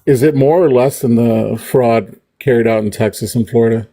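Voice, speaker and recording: A man's voice: medium pitch, moderate pace, mellow. A man in a casual political debate, pressing with pointed questions. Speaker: debate participant.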